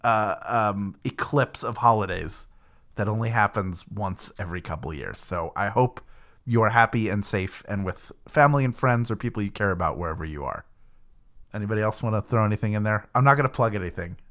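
A man's voice: on the low side, fairly quick, fairly bright tone. A man hosting a podcast, joking and wrapping up the episode in a casual chat. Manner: jokey, wraps up the show. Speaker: podcast host.

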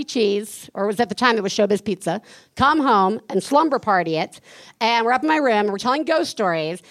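Animated woman telling a story on stage. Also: on the high side. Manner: animated storyteller, acts out screams and chants. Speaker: podcast co-host. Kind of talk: live podcast storytelling. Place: live stage before an audience.

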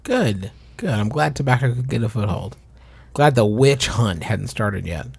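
Male podcast co-host, gravelly and husky, wry joker, dry close mic. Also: mid-range voice, animated, moderate pace, no room sound. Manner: joking, wry asides. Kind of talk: casual history podcast chat.

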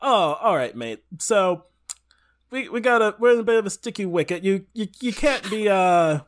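A woman's voice: mid-range voice, animated, normal speed, a little hiss or hum, voice pushed up, close to an everyday voice. A woman doing a blustering stuffy Englishman. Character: stuffy Englishman, adult man, indignant.

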